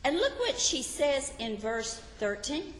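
Slow, emphatic woman teaching in an echoey hall. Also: high voice, big pitch swings, slight background noise. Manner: emphatic, repeats key phrases, questions the audience. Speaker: Bible teacher. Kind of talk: sermon. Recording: echoey hall with long reverb.

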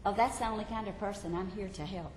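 Brief: woman voicing a calm, soft-spoken Christ, gentle and reassuring, roomy echo. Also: medium pitch, moderate pace, a little hiss or hum.

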